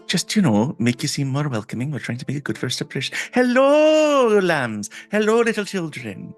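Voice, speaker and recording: Fussy, over-polite nun, voiced by a player, chatty and creaky. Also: medium pitch, huge pitch swings, moderate pace, faint music behind, pitched above the performer's own voice. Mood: prim.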